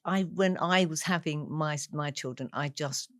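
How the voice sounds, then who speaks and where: A woman in her sixties from England, a guest talking over memories, with an animated storytelling manner and frequent laughs. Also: low-pitched, a little slow, no echo, studio quality. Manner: warm storyteller, laughs often, animated asides. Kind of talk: reflective conversation.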